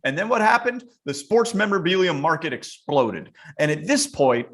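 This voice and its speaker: A man co-hosting a podcast in casual chat, with a voice a little higher than most men's. He is teasing and wordy, building long, argumentative riffs. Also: big pitch swings, normal speed, a bit bright. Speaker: podcast co-host.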